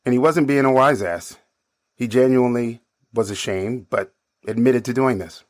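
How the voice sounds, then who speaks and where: A man, a bartender, calmly narrating a story from behind the bar. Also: lowish voice, moderate pace, no echo, clean studio sound.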